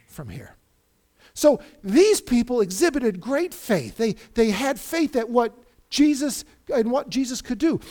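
A middle-aged man preaching a sermon as a pastor, telling stories with energy and acting out the people he quotes. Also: extremely high pitch. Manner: animated storytelling, acting out quoted voices.

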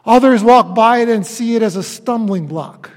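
A man with a very high-pitched voice preaches a sermon as pastor in a church sanctuary. He is emphatic, using dramatic pauses and swinging from loud declarations to hushed phrases, all carried on the long reverb of the church hall.

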